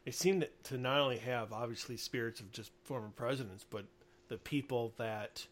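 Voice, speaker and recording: A man's voice: mid-range voice, normal speed, fairly bright tone. A man co-hosting a casual podcast chat, laughing often and hesitating with fillers. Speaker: podcast co-host.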